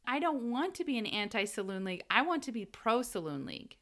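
On a casual history podcast, a female co-host with a bright, clear-edged voice tells the story in an animated, loose way. Her pitch is on the high side and her pace brisk. She laughs often and lets the odd swear word slip.

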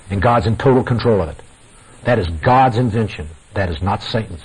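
A man's voice: on the low side, lively intonation, moderate pace, a little mellow. A man preaching a sermon to a congregation, emphatic and repetitive, calling his listeners "guys", heard through a lo-fi radio broadcast. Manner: emphatic, repeating phrases for effect, addresses listeners as guys.

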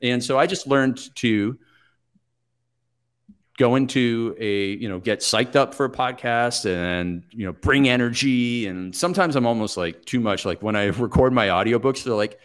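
A man in his forties, a podcast guest telling stories from his life in a reflective, steady, plain-spoken way. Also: medium pitch, normal speed, smooth. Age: 40s. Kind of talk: conversational interview storytelling.

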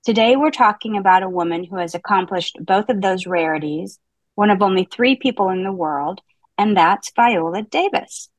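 Recorded roughly with no room sound, a medium-pitched woman speaks at a moderate pace as host of a book podcast. After reading her prepared intro, she steers a casual book-club conversation using dry humor at her own expense.

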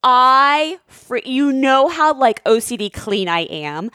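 Animated storytelling woman, lively pitch. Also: slow, smooth, no room sound, clean studio sound. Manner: animated, acts out quoted voices; frequent "like" fillers. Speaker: storyteller with her husband. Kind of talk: casual chat.

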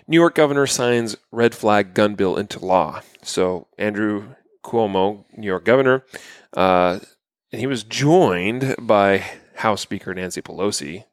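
A man co-hosts a podcast, going through the news in a relaxed, casual way with many fillers. His voice sits fairly low, and the sound is clean studio quality with no echo.

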